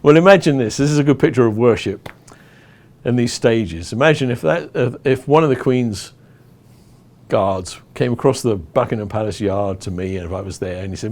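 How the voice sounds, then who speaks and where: A man from England teaching about worship in stages, telling a story with lively acted-out crowd chants. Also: medium pitch, a little fast. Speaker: worship leader.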